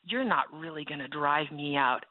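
A woman voicing a menacing spirit of sin that speaks through a mountain lion. She uses a low, taunting hiss in whispered role-play over a tinny phone line. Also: normal speed.

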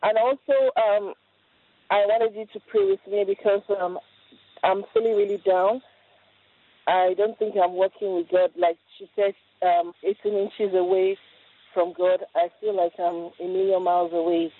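A woman's voice: medium pitch, normal speed, dry recording. Hesitant woman caller on a tinny phone line. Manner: hesitant, soft-spoken, seeking encouragement. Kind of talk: call-in radio talk.

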